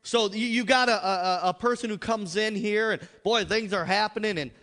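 American guy preaching loud then soft, joking around, big reverb in the church hall. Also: sits high, moderate pace. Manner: emphatic, joking, dramatic swings in volume. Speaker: pastor. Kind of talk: revival sermon. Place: large church sanctuary.

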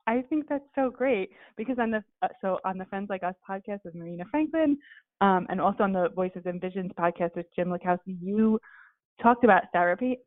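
A woman with a mid-range pitch hosts an interview, reacting often with laughter. The audio is dry and narrow, like a phone call. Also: fairly quick, no room sound. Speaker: podcast host.

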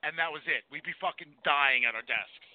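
A man in his forties tells long, profane, laughing stories in loose podcast chat. His voice sits high, comes through dry with no room sound, and is squeezed into a narrow phone-like band. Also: a little fast, no echo. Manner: rambling, profane, laughing storyteller. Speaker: podcast co-host. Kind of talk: casual movie chat. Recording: tinny phone-like line.

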